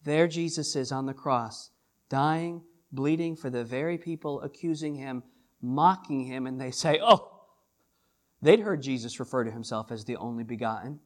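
A man preaching a sermon as pastor, swinging between hushed lines and loud, drawn-out emphasis. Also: mid-range voice.

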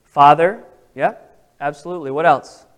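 Guy running a bible study, slightly high voice, casual and chatty, keeps asking the group stuff. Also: normal speed. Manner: conversational, asks the group questions. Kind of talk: interactive Bible study teaching.

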